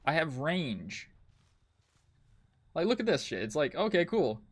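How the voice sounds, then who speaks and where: A male game streamer with a slightly higher-than-usual voice, talking straight through his play. He rants and grumbles in frustration, and curses come thick and fast. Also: very animated. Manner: ranting, frustrated, heavy swearing. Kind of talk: live gameplay commentary.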